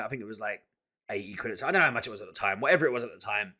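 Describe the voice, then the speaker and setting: A man venting in a casual vlog to camera, exasperated and animated, often restarting his sentences. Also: medium pitch, racing. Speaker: vlogger.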